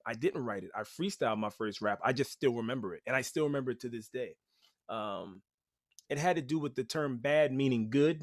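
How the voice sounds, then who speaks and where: A man guest on a podcast, telling stories in an animated, chatty way with lots of "like" and "you know". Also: medium pitch, dry recording, clean studio sound. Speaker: podcast guest, rapper and teaching artist. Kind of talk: casual storytelling.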